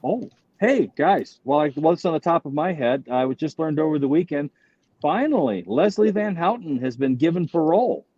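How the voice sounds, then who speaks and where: A man in a casual comedians' chat, chatty and quick to laugh, with stammering restarts. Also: on the high side, animated, dark tone. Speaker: comedian panelist. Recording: dull dry call audio.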